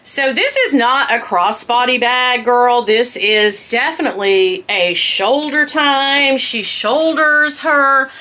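A woman chatting casually to camera at home, gushing and squealing with excitement as she unboxes a handbag. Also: a little high, slow pace, few pauses.

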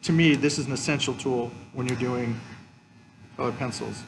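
A man's voice: medium pitch, fairly even intonation, normal speed, gravelly, background noise. Man teaching a colored pencil demo. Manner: explains step by step, frequent "okay". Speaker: art teacher. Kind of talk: drawing tutorial with demonstration.

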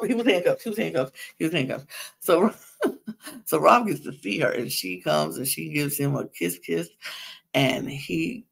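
A woman's voice: low-pitched, expressive, unhurried, creaky, slightly rough. A woman hosting a podcast, giving a casual gossipy recap of a reality show, chatty and laughing often. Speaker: podcast host.

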